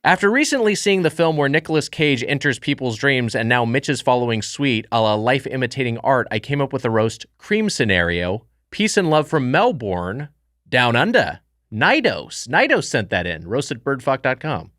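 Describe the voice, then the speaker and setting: A man's voice: medium pitch, big pitch swings, normal speed, fairly bright tone, dry recording, clean studio sound. A man hosting a comedy podcast about chain restaurants, chatting in a jokey, rambling way with plenty of fillers. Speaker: podcast host. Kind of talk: casual comedic podcast chat.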